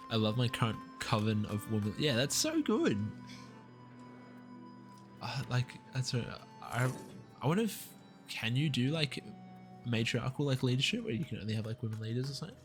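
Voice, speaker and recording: A young man with an Australian accent chats loosely and cheerfully through a live game stream, trailing off and restarting as he plays. His voice sits at an ordinary middle pitch. Faint music plays quietly underneath. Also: very animated, moderate pace, long pauses. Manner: rambling, upbeat, swears casually, chats with viewers. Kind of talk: casual live-stream gameplay chat. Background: faint background music.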